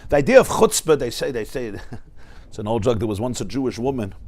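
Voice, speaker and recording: A man teaching a class as a rabbi, telling anecdotes and often shouting the punchlines. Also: mid-range voice, animated, brisk. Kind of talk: lively classroom lecture with anecdotes.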